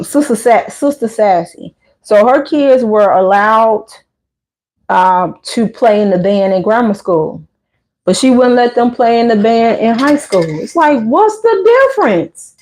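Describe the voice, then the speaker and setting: Chatty woman livestream host telling stories. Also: a little high. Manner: chatty storytelling with lively voiced asides. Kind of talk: casual chat reading live comments.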